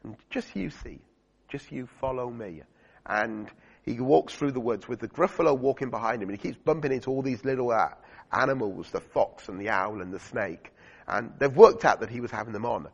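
A man's voice: medium pitch, fairly quick, husky. A man preaching a sermon to a congregation, chatty, with fillers and questions to the listeners. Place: church. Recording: dull lo-fi recording in a reverberant church hall.

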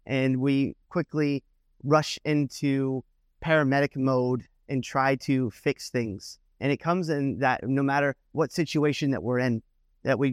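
A man's voice: medium pitch, smooth, dry recording, studio quality. A man preaching a sermon in a conversational way, often circling back with "the thing is, is that".

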